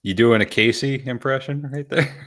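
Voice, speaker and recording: A man's voice: mid-range voice, normal speed, fairly bright tone. A man co-hosting a podcast in casual chat. He gives short, easygoing replies and agrees a lot. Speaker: podcast co-host.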